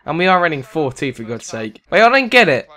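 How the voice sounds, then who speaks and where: A young British man giving gameplay commentary on a football video game, excitable and sarcastic, shouting at goals. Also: a little high, brisk. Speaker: gaming commentator.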